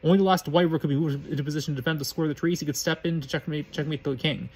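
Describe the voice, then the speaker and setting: A man's voice: a little high, steady tone, very fast, a little mellow, husky, low-quality recording. A man reading a fan fiction story aloud as narrator in a plain, matter-of-fact way.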